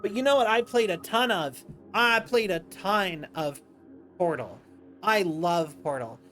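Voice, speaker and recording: A man's voice: high-pitched, expressive, a little slow, fairly bright tone, faint music behind. A tired man streaming late at night, rambling and interrupting himself in casual livestream commentary. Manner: rambling, self-interrupting, chatty. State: tired, yawning.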